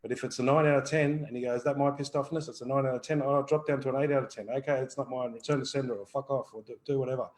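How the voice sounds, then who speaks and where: A man's voice: medium pitch, steady tone, rapid-fire, hardly any pauses, low-quality recording. A man co-hosting a live question-and-answer stream, talking bluntly and swearing freely about feelings and energy healing. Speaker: energy healer co-host. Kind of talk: live Q&A chat.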